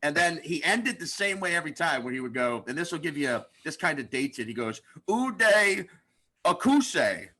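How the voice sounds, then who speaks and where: A man who is a guest comedian on a podcast, telling animated stories and acting out the people in them. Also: a little high, fast talker, few pauses, husky. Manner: animated storyteller, acts out the people he describes. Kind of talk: podcast chat.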